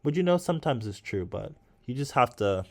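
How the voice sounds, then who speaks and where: A man's voice: mid-range voice, very animated, fairly quick, a little mellow. A man talking casually and thoughtfully to his viewers while he paints, musing and encouraging himself. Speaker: artist and vlogger.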